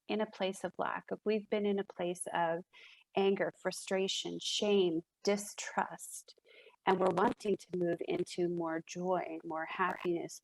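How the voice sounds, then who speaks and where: A woman's voice: mid-range voice, creaky, low-quality recording. A woman speaking as a guest in a casual podcast conversation, reflective, with frequent fillers and restarts.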